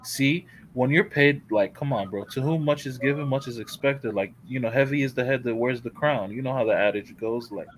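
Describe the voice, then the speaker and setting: A man's voice: mid-range voice, a little fast, hardly any pauses, a little hiss or hum, poor audio. A man co-hosting a football podcast in slangy, casual chat, often repeating himself as he talks. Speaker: podcast co-host.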